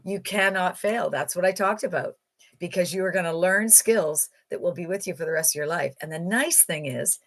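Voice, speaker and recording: Enthusiastic woman giving a sales pitch. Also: normal speed, fairly bright tone. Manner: enthusiastic, emphatic, repetitive. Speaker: online marketing promoter.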